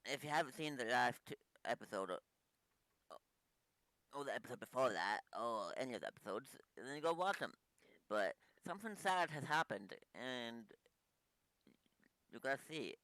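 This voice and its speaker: A man's voice: medium pitch, animated, moderate pace, long pauses, low-quality recording. A young man commenting on a video game, sounding upset and repeating himself as he rambles. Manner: emotional, repetitive, rambling. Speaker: gaming YouTuber. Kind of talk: let's play commentary. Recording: voice over loud game music. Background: game music.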